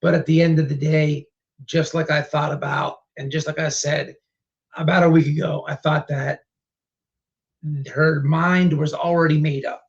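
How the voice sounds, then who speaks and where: A man hosting a casual livestream chat, rambling with many restarts, his voice going hoarse. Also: on the high side, flat delivery, normal speed. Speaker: livestream host. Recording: dull lo-fi stream audio.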